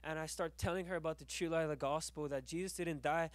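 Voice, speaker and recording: A man's voice: a little high, steady tone, fast talker, dry recording. A man preaching in a church class, telling a testimony and building to fervent exhortation with repeated phrases. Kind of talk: sermon with testimony.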